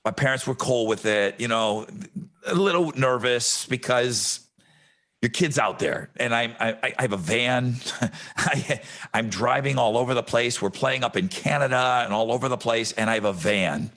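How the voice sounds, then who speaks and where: A man's voice: medium pitch, normal speed, fairly bright tone. A man co-hosting a podcast, telling stories in a laid-back, wry casual chat. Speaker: podcast co-host.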